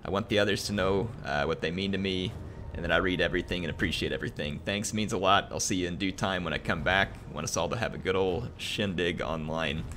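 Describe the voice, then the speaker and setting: A young man on a gaming stream reading a viewer's message aloud, halting and emotional, full of ums, earnest and grateful. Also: low-pitched, a bit bright, slight background noise. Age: young adult.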